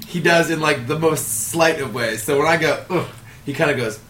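A man's voice: on the high side, moderate pace, fairly bright tone, echoey room, slight background noise, rough recording. A man playing a tabletop game, describing his character and speaking for him. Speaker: player.

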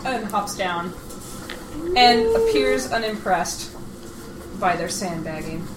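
Player, female, lively blunt delivery, echoey room, loud music underneath. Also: mid-range voice, slow, heavy background noise. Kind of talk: casual chat in a tabletop game.

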